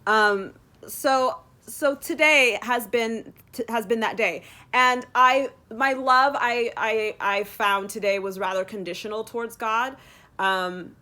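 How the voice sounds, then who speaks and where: A woman's voice: on the high side, takes it slowly, pushed and bright. A woman talking casually in a devotional vlog, rambling with many fillers and acting out her own complaints with sudden dramatic swings. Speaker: Christian vlogger. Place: in Texas.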